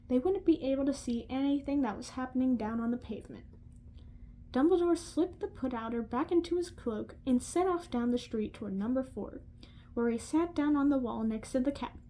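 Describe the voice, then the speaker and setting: A woman reading a novel aloud slowly and carefully, with some slips. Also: high-pitched, dark tone, low-quality recording. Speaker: audiobook reader.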